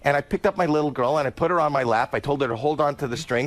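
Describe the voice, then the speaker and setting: A male comedian telling a comic story, dropping his voice low for quoted lines and squealing when excited. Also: racing. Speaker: guest comedian.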